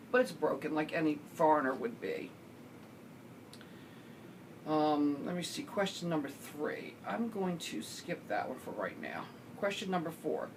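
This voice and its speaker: Woman, middle-aged, casual vlog chat, rambling, filler words, faint background hum. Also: low voice. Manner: rambling, chatty, lots of fillers and throat-clearing. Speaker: vlogger answering viewer questions.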